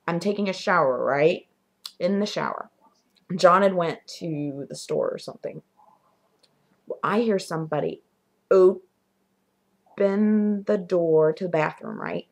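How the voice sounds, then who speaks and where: Young woman vlogger, low-pitched and gravelly, chatty true-ghost-story delivery. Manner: animated, drops to whispers at spooky moments. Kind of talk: casual storytelling.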